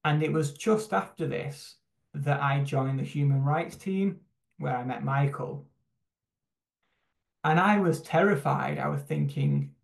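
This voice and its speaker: A young man speaks on a video call, his voice gravelly with a touch of fry. He talks in a reflective, halting way, full of fillers and restarts. The sound carries a roomy echo from the space he is in. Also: fairly high pitch. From United Kingdom. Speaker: church human rights team member. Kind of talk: personal testimony talk on a video call.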